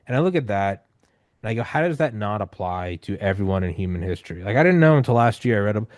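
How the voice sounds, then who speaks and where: A man in his thirties hosting a podcast, telling stories in a loose, rambling, animated way with casual swearing. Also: lowish voice, quick pace, dry recording. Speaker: podcast host. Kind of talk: casual conversational storytelling.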